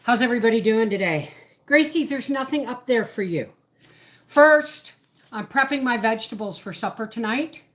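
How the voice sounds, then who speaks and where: A woman with a slightly high, animated voice talks at a moderate pace. Hosting a casual homesteading livestream from her home kitchen while she cooks, she's chatty and rambling, often stopping herself mid-thought.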